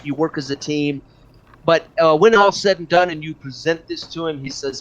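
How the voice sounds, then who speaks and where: A man narrating a tabletop game as game master, halting with fillers and restarts. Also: fairly high pitch, a bit bright. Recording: dull lo-fi audio.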